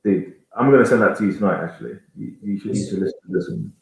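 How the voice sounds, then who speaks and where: A man's voice: fairly low pitch, quick pace, gravelly. A man in his thirties from Jamaica, a band singer chatting casually as a guest and rambling as he searches for words. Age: 30s. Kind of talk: casual interview chat. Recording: very echoey room.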